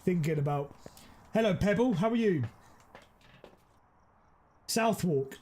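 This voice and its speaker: A man streaming a game, chatting casually and teasing his viewers, quick to exclaim. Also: sits high, a little hiss or hum. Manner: excitable, teasing, exclaims often. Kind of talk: casual live-stream chat.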